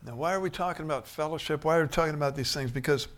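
A man preaching a sermon, shifting from quiet musing to loud, emphatic bursts. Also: a little high, very fast, a little hiss or hum.

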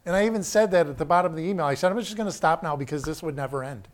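A man's voice: fairly high pitch, very fast. Older man preaching, rising and falling. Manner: animated preaching, shifts from soft to loud. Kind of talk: sermon.

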